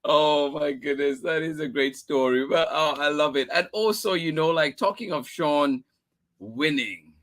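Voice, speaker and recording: Male host, unhurried delivery, slightly high voice, encouraging. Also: a bit bright. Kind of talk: casual interview chat.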